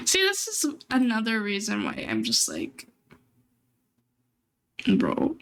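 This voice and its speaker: A woman's voice: medium pitch, huge pitch swings, takes it slowly, gravelly, pauses often, a bit bright. A young adult woman streaming, chatting casually and rambling, often laughing as she talks. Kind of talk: casual chat.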